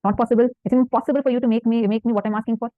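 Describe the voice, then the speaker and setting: Lady doing a stern old ascetic guy, blunt and bossy, fast, tinny phone sound. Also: fairly high pitch, steady tone, dry recording, natural voice. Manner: blunt, commanding. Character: stern demanding old male ascetic holy man.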